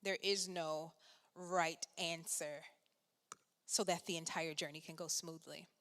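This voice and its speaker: A woman minister giving a gentle devotional talk and closing prayer, soft-spoken and unhurried. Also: low voice. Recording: long hall reverb.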